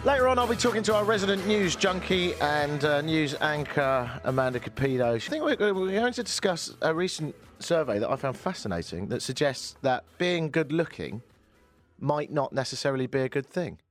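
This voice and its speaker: A man's voice: a little high, normal speed, faint music behind. A man hosting a radio talk show, bantering playfully and mocking himself. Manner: playful, animated, self-mocking. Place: radio studio.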